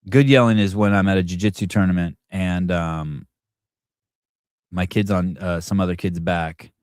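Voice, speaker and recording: A middle-aged man with a fairly low voice hosts a casual morning talk show. He rambles and often restarts his sentences. The sound is dry and close, with no room around it. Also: steady tone, moderate pace, clear, resonant tone, no echo. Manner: rambling, restarts often, shouts quoted yells. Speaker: podcast host.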